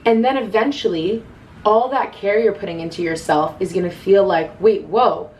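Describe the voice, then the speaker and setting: A woman's voice: mid-range voice, normal speed, a little mellow, recorded from a distance, slight background noise, rough recording. A woman in her twenties giving casual self-love advice to camera, earnest and chatty, often quoting her own inner voice.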